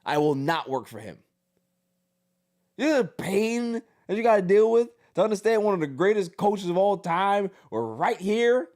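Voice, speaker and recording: Male podcast host, slightly high voice, emphatic ranting delivery with sardonic humor. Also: darkish tone. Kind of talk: casual podcast commentary.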